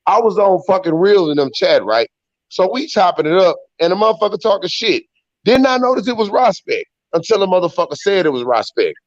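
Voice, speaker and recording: A man's voice: high voice, sing-song, brisk, no room sound, dull audio. An American man telling his side of a story on a call-in panel show, profane and insistent, talking over the others. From United States. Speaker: panel guest. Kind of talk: heated call-in panel talk.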